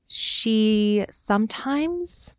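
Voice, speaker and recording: A woman co-hosting a podcast, chatting casually and hedging, sometimes drawing her words out slowly. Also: a little high, lively intonation, smooth, dry recording, studio quality. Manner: hedging, drawn-out phrases. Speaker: podcast co-host. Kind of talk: casual recap chat.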